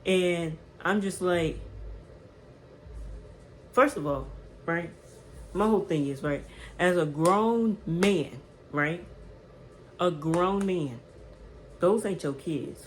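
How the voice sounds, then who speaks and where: A woman around twenty telling a storytime on her vlog, animated and chatty, checking in with "right?" as she goes. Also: on the low side, a little hiss or hum, rough recording. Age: 20s. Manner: animated, repeats "right?" to the viewer. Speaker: vlogger.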